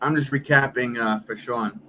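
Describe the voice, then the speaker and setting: Profane, animated man in his thirties. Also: mid-range voice, normal speed, slight background noise, low-quality recording. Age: 30s. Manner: profane, animated storytelling, mimics others. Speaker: streamer. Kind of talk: casual live-stream chat.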